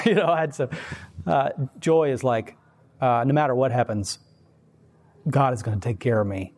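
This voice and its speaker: A man giving a casual, rambling faith talk, animated, laughing often and putting on voices for quoted people. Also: medium pitch. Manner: rambling, many fillers and restarts. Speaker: Christian speaker.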